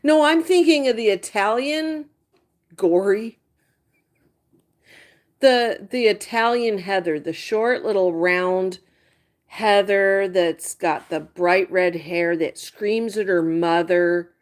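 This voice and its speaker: Slow-talking woman chatting on a livestream. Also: medium pitch. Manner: chatty, gossiping, exasperated asides. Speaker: livestream host chatting with viewers. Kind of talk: casual live-stream chat.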